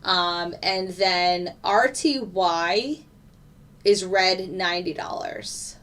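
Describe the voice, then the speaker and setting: A woman's voice: on the low side, very slow, fairly bright tone. A woman hosting a casual live stream, chatting to viewers and talking through her trades. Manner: chatty, reads out chat and trades. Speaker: trading streamer.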